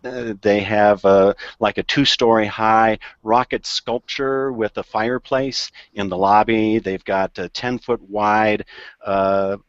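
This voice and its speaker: A man's voice: fairly low pitch, fairly even intonation, slow pace, smooth, no echo. A man, a journalist on a panel, describing things at length and hesitating with many fillers. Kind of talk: casual panel chat. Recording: dry, dull call audio.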